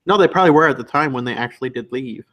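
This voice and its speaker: A man's voice: mid-range voice, expressive, racing, a bit bright. Laughing, gossipy man in stream chat. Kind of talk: casual chat on a livestream.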